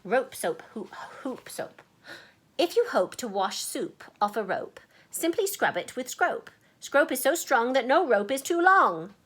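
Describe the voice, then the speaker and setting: A woman's voice: high-pitched, big pitch swings, measured pace, a bit bright, slightly rough. Playful woman reading tongue twisters aloud. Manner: playful, chatty asides between verses; sometimes drops to a whisper. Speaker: children's book reader. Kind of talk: reading a picture book aloud to children.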